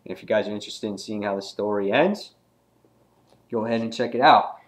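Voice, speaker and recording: A man hosting a casual comic book review video, talking loosely with many fillers and reading out the characters' lines in a raised voice. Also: a little fast. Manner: relaxed and rambling, many fillers, acts out quoted lines in a higher voice.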